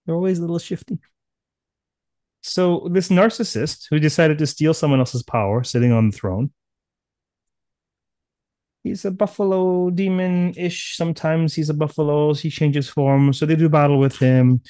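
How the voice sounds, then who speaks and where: A man giving a seminar lecture, retelling a myth in a lively way and acting out the characters' voices with sudden loud bursts. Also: a little high, normal speed, dry recording. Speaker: seminar speaker. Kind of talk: animated storytelling lecture. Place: online seminar.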